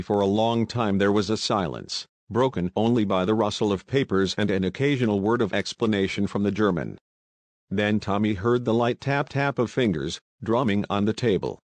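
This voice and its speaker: A man reading a novel aloud as an audiobook narrator, in a steady, even manner. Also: lowish voice, normal speed, no room sound. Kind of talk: scripted narration.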